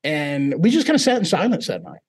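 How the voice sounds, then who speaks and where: A man from Mississippi, a teacher, telling his personal story in an interview in a relaxed, self-deprecating way. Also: a little high, brisk, husky. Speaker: teacher and guest.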